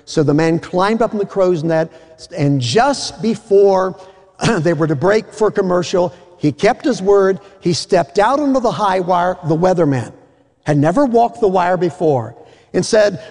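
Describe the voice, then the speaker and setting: A man preaching a sermon in a folksy, animated way, with joking asides. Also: sits high, moderate pace, gravelly. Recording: echoey hall.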